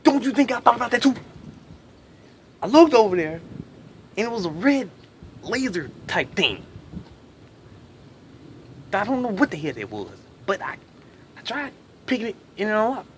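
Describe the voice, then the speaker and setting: This male comedian tells a story in a high voice that constantly swoops up and down, delivered in an animated, heavily profane style. He speaks at normal speed with frequent pauses, and there's slight background noise.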